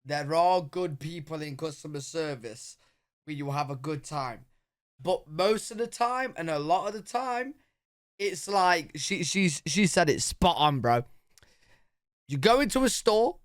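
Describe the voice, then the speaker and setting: A British man hosting a reaction video, talking in a chatty, animated way and often saying "bro". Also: on the high side, no echo, clean studio sound. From United Kingdom. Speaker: reaction channel host. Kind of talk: casual reaction commentary.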